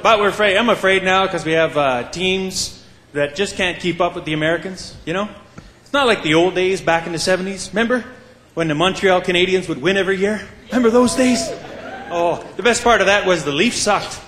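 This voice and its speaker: High-voiced stand-up comic from Quebec. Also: male voice, fairly quick, a bit bright, roomy sound, a little hiss or hum. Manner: chatty, punchy, keeps addressing the crowd. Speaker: stand-up comedian. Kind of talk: stand-up comedy. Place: comedy stage. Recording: live club with audience.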